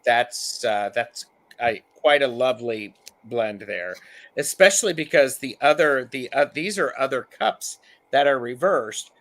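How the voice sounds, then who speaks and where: A man reading tarot cards in casual conversation, halting and searching for words with many fillers and restarts. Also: mid-range voice, lively intonation, a bit bright. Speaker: tarot reader. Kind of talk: casual chat and card reading.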